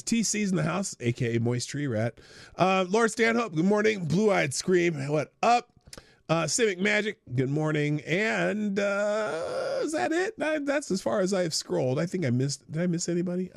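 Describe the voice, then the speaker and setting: A man's voice: high voice, gravelly, a bit bright, dry recording, clean studio sound. A man hosting a casual livestream, rambling and joking with many restarts, with a slight lingering cough. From United States. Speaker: host.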